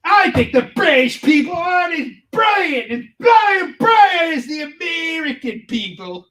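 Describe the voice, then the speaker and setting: A man voicing a loud, self-mocking, dim-witted American man, drawn out and exaggerated. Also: very high-pitched, sing-song, voice pushed up, exaggerated voice. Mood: mock-apologetic. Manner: drawn-out, exaggerated, bellowing delivery.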